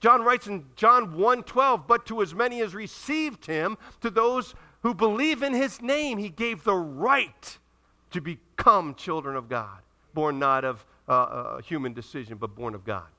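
A man's voice: high-pitched, animated, unhurried, sharp tone. A male pastor preaching a sermon with emphasis, acting out the quoted dialogue as he goes.

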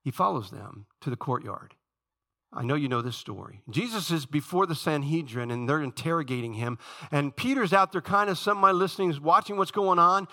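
Middle-aged male pastor with a sermon voice, bright and slightly high, lively storyteller who goes hushed in prayer. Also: brisk. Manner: animated storytelling, dropping to a low quiet tone in prayer.

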